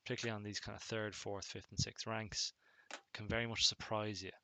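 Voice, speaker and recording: A man casually commentating on his own chess game, thinking aloud in a relaxed, musing way. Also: on the low side, brisk, a little hiss or hum. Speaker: chess streamer.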